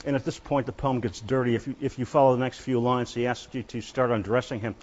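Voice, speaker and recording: A male literature professor gives a university lecture in a lecture hall, speaking in a halting way, often pausing and starting over. His voice sits at an ordinary middle pitch. The recording sounds a little muffled and dull. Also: fairly even intonation, darkish tone.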